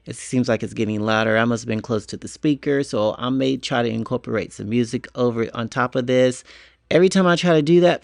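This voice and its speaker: Male vlogger, eager rambling collector, gravelly edge, mid-range pitch, in-store walk-through. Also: darkish tone, dry recording, clean studio sound. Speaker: Halloween shopping vlogger. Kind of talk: casual walk-through shopping vlog. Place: inside a retail store. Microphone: portable mic while walking.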